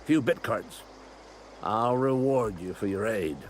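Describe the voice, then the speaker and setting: An actor voicing an older man who leads a resistance, gruff and conspiratorial with a dry sense of humor, in video game dialogue. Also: fairly low pitch, takes it slowly, slight background noise. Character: old male resistance leader, paranoid about robots.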